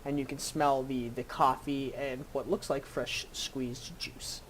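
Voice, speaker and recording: A game master narrating a tabletop game scene, halting with many fillers and restarts. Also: mid-range voice, flat delivery, slight background noise.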